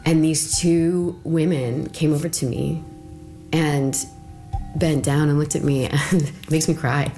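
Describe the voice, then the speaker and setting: Woman, young adult, very deep voice, chatty and filler-heavy, interview storytelling. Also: fairly even intonation, a little slow, dark tone, faint music behind. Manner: conversational, full of fillers. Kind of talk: personal recollection in an interview.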